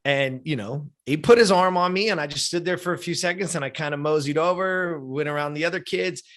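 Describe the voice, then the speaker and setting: A man's voice: a little high, brisk, a bit bright. A man of fifty, a podcast guest, telling a personal story in a heartfelt, casual way, often checking in with "right?" and "you know?". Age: 50s.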